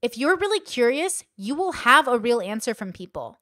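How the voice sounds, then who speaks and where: A woman's voice: fairly high pitch, very animated, normal speed, sharp tone, no room sound, clean studio sound. A woman hosting a reaction commentary, blunt and exasperated, swearing and acting out what others say. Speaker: commentary host. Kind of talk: reaction commentary on stream clips.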